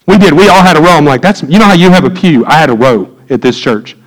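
A man, preaching a sermon in a church, swinging from loud emphatic peaks to low quiet asides. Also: animated, fast talker, rough recording. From United States. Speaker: pastor. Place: church sanctuary.

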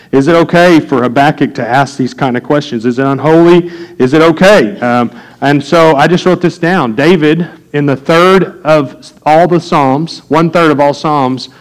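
A man's voice: medium pitch, rough recording. A man preaching a sermon from the pulpit in a conversational way, with frequent fillers and light jokes to the congregation. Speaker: pastor.

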